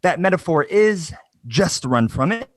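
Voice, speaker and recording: A man's voice: high-pitched, expressive, measured pace, no room sound. A young man doing a self-mocking stand-up set over a video call, with a punchy delivery. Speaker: stand-up comedian.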